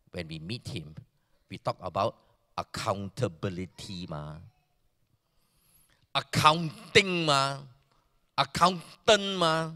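Malaysian man, pastor, high lively preaching voice, slow delivery, church hall reverb. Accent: Malaysian English. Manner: animated preaching, swinging from loud emphasis to hushed near-whispers. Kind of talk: sermon.

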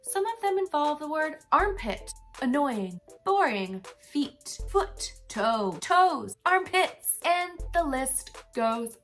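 A young woman reading comments aloud for comedy in a smooth, polite voice-assistant impression. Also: high voice, sing-song, slow pace, a bit bright, faint music behind. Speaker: YouTube comedian.

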